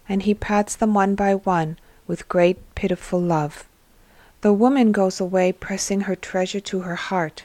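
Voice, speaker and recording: A woman's voice: mid-range voice, fairly even intonation, a little slow, mellow, no echo. Woman narrating a devotional story, dry sound.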